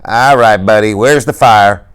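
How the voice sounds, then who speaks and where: A man voicing a gruff, weary male police officer who asks brusque questions. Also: lowish voice, a little slow, voice pushed up, natural voice.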